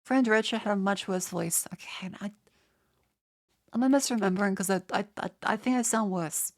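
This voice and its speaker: A young Australian woman streamer, nasal and getting over a cold, rambles casually with her viewers, stuttering and restarting often. Her voice is medium-pitched, and she talks at a normal speed.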